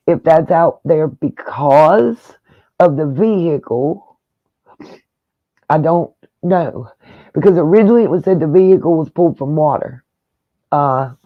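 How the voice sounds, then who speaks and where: A man's voice: fairly high pitch, no room sound, dull audio. A man hosting a casual livestream, talking straight to his viewers in an emotional, rambling way. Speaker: livestream host.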